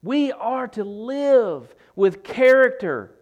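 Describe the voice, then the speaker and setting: Animated, slow-preaching man. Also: very high-pitched, lo-fi sound. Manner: emphatic, repeats phrases, rises and drops sharply for effect. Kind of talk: sermon.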